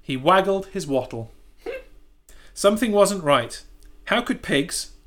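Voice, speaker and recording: A man's voice: high voice, slow. Sarcastic man reading aloud. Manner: sarcastic, sweary, deadpan asides. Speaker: streamer reading a children's book. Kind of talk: comic read-aloud with commentary.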